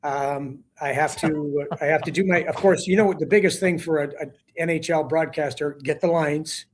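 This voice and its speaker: A man's voice: fairly high pitch, fairly quick, slight background noise. A man, a hockey broadcaster appearing as a guest, telling a story in a casual sports talk-show chat and acting out the quotes as his voice climbs. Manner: animated storyteller, acts out quotes with rising voice.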